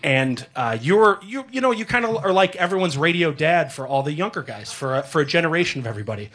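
Radio sports guy in his thirties, kinda high voice, rambling and heartfelt, um and uh a lot. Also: lively intonation, fast, a bit bright. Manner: rambling, heartfelt, with many fillers. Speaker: sports director at a radio station. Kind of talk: live farewell tribute on air.

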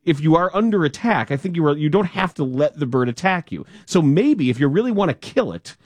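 A man's voice: a little high, lively intonation, brisk, darkish tone, dry recording. A man hosting a sports talk radio show, answering a caller with dry jokes. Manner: dry, joking. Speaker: radio host.

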